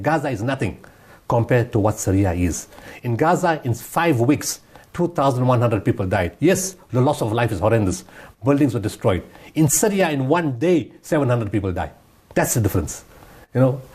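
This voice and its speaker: A man's voice: mid-range voice, warm tone, husky. A man giving impassioned interview answers, emphatic and repeating his points. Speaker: guest humanitarian speaker.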